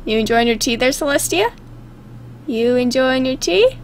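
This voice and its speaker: Chatting through casual game commentary, this woman has a high, animated voice and talks at a normal speed over some background noise. She giggles at what happens and tries out goofy character voices.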